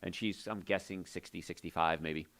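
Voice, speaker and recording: Male doctor-host, low voice, upbeat and pitchy, folksy sales patter on a health talk show. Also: steady tone, moderate pace, a bit bright. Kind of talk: call-in health radio talk.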